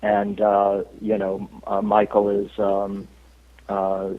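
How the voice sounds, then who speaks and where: A man's voice: on the low side, completely flat delivery, slow. A man from the United States, an actor being interviewed, telling rambling anecdotes with frequent chuckles. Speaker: actor guest. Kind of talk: casual interview chat. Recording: tinny phone line.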